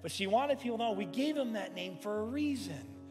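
A man with a high voice preaches a sermon, weaving family stories into an impassioned but conversational delivery. The sound carries a long hall reverb, and music plays clearly underneath. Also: animated, brisk. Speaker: pastor. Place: large church sanctuary.

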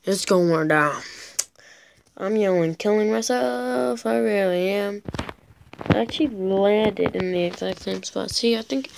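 A teenage girl rambles through casual gameplay commentary, often making fun of herself. She speaks a little slowly in a creaky, mid-range voice, with background noise in the recording.

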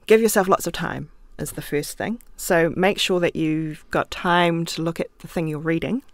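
Gravelly-voiced New woman, podcast guest. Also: deep voice, no room sound. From New Zealand. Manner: thoughtful, chatty, laughs easily, talks with her hands. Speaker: interview guest, author and playwright. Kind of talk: casual conversational interview. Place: podcast studio. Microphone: studio microphone.

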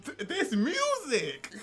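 A young man reacting to an anime, excitable and slangy, laughing often. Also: very high voice. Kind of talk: casual reaction commentary.

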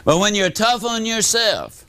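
High-voiced older man telling a motivational story. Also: smooth. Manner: animated storytelling, drawn-out emphasis. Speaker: motivational speaker. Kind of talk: motivational speech to an audience.

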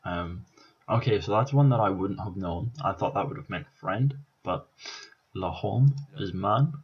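Deep husky Scottish man in his twenties. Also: moderate pace, highs cut off. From Scotland. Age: 20s. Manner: casual, sweary, thinking aloud with many ums. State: tired, up all night on coffee. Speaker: YouTuber. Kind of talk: casual vlog commentary.

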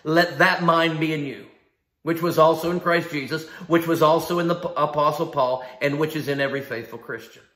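A man's voice: a little high, fairly even intonation, fairly quick, a bit bright, roomy sound. A man preaching a sermon in an emphatic style, asking rhetorical questions and repeating key phrases. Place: church sanctuary.

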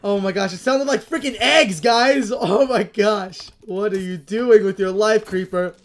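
A young woman giving casual, excitable commentary on her own game, panicking and repeating herself as she plays. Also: mid-range voice, takes it slowly, vocal fry, hardly any pauses, slight background noise. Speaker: gaming channel host.

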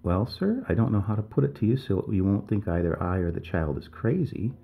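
A man's voice: on the low side, very animated, a little fast, creaky. A man voicing a worried, tearful middle-aged village mother who pleads deferentially and keeps calling him sir. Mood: worried pleading. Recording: tinny phone-like audio.

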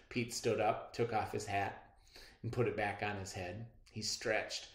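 A man reading a children's chapter book aloud in an expressive, unhurried storytelling manner, in a roomy recording. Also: fairly low pitch. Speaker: storybook reader. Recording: roomy echo.

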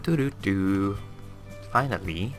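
A man's voice: lowish voice, animated, slow, over music. A man hosting a casual let's-play, rambling and joking to himself as he plays. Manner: rambling and self-amused, chats to himself. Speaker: gaming channel host.

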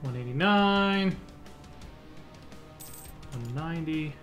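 A man's voice: a little high, animated, takes it slowly, a bit bright, dull audio, faint music behind. A man hosting a strategy game playthrough, thinking aloud as he clicks through menus and muttering half-finished plans. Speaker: let's play host. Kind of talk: casual gameplay commentary.

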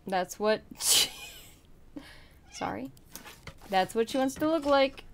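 A woman's voice: sits high, animated, slow, slight background noise. A young woman streaming a game, chatting casually and bubbly while tired and hiccuping, sometimes mumbling to herself. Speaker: livestreamer. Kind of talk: casual live stream chat.

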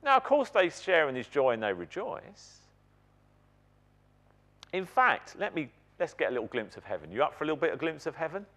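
Animated, higher-voiced male preacher. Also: fairly quick. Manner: animated, emphatic preaching with questions to the congregation. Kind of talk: sermon. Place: church.

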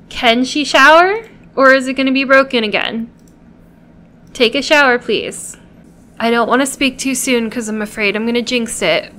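Brief: high-pitched woman, unhurried gameplay commentary, chatty and pleading with her game characters. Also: bright, forceful tone, clean tone. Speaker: gameplay video host.

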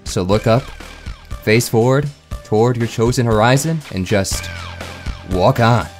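A man voicing a calm, gentle figure in a game cutscene, speaking slowly and reflectively over music. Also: mid-range voice, lightly acted.

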